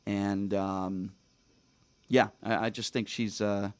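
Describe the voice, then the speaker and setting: A man's voice: on the low side, flat delivery, takes it slowly, clear, resonant tone, no echo. Ranting man hosting a talk show. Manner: emphatic, ranting, frequent fillers and restarts. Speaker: radio talk show host. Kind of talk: opinionated studio talk show. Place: radio studio.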